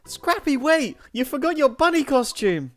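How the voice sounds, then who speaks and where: Woman voicing a keyed-up young helper, high urgent calls, very animated pitch. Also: takes it slowly, soft background music, heavily acted. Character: frantic helpful young woman. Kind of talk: live group story reading.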